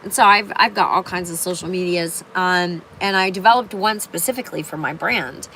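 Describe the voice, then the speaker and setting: A woman's voice: fairly low pitch, moderate pace, sharp tone, a little hiss or hum, poor audio. An older woman talking on a casual livestream in a rambling way, with many fillers and restarts. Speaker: live streamer.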